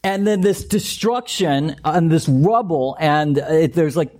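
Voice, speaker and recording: A man preaching a sermon as a pastor, animated and conversational, acting out the voices he quotes. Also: a little high, slow pace. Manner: animated, acts out quoted voices, repeats points.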